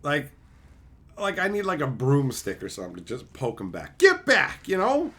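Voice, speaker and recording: A man's voice: mid-range voice, big pitch swings, normal speed. A man streaming live, ranting crudely and mockingly, laughing often. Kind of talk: profane rant.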